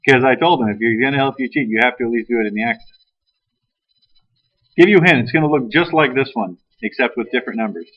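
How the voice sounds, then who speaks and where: A man's voice: medium pitch, fast talker. A male math teacher leading a classroom lesson, talking casually and teasing his students. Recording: dull lo-fi classroom recording.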